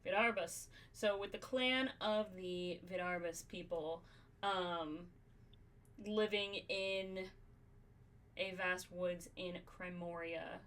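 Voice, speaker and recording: A woman's voice: lowish voice, slow, a bit bright. A woman hosting a podcast, brainstorming in casual chat, swearing freely and thinking aloud with lots of fillers. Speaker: podcast host.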